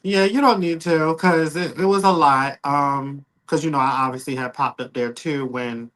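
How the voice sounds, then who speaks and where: A man hosting a casual interview who gives soft backchannel replies and speaks carefully. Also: on the high side, normal speed. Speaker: interview host.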